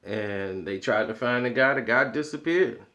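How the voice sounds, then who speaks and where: A man hosting his own commentary channel, talking in an animated, argumentative way and laughing often. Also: mid-range voice, normal speed, lo-fi sound. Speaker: boxing commentary channel host. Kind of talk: opinionated casual commentary.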